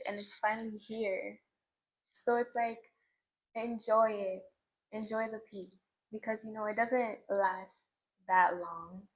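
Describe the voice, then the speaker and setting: Her voice medium-pitched and fairly bright, a young woman vlogs to the camera in front of her at a scenic outdoor view at sunset. The talk is a casual spiritual monologue, reflective, emotional, and heavy on "like" fillers. Recording quality is low.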